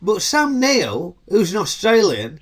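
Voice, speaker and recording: A man's voice: high voice, huge pitch swings, slow pace, soft background music. A middle-aged man with a Yorkshire accent, hosting a chatty, cheeky comedic film review full of dialect banter. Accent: Northern English, Yorkshire.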